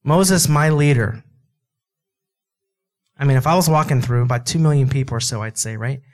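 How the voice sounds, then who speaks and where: A man with a mid-range voice preaches a sermon at normal speed, keeping it conversational. He reads scripture and animatedly acts out the dialogue between God and Moses, tossing in asides and laughs.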